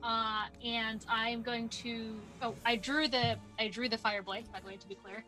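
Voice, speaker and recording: A woman's voice: fairly high pitch, fairly even intonation, normal speed, sharp tone, faint music behind. A woman playing in a tabletop role-playing game, chatty and laughing, often correcting herself mid-sentence. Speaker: player. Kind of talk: casual tabletop game play.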